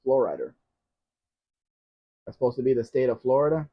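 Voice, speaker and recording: This livestream host talks very fast in a steady, mid-range tone while running a laid-back question-and-answer session. His manner is blunt and teasing, peppered with opinions, over dull lo-fi stream sound.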